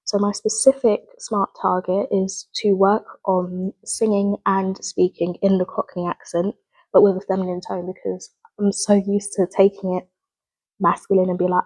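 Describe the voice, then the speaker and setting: A young woman reflects on camera in an earnest, rambling way, often stopping to correct herself. Her voice is soft and breathy at a middling pitch. It sounds like a casual student video diary. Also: little pitch movement, normal speed, rough recording. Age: young adult. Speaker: drama student. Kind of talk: spoken reflective video log.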